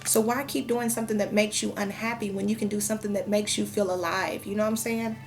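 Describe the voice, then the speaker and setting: A woman's voice: mid-range voice, fairly even intonation, fast talker. A woman in her thirties giving a casual tarot reading, talking frankly and chatting with lots of fillers. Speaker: tarot reader.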